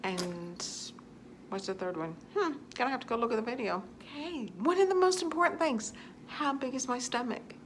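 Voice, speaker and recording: A woman's voice: high voice, lively intonation, a little fast, background noise. Chatty woman giving earnest advice. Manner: chatty, earnest, repeats phrases for emphasis. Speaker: vlogger answering viewer questions. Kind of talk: casual advice talk to camera.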